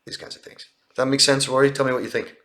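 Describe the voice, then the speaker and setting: A man's voice: medium pitch, fairly even intonation, fast, a bit bright. A man working as a relationship coach, answering viewer questions in a live Q&A with an earnest, explanatory manner, outdoors by a street. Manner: earnest, explanatory, repeats and restarts phrases.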